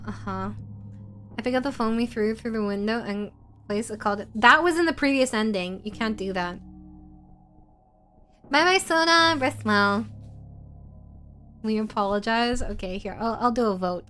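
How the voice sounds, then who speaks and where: A playful woman game master narrating a haunted-house story live for her viewers. She teases her chat as she reads their comments aloud, in a voice of middling pitch. Quiet music plays behind her. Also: normal speed, long pauses. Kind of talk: live-stream narration of an interactive horror story.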